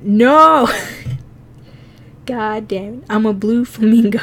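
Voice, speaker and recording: A woman's voice: a little high, level tone, slow, dark tone, slightly rough. A woman streaming herself drawing, chatting casually, laughing often and swearing freely as she teases herself. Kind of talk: casual chat while drawing.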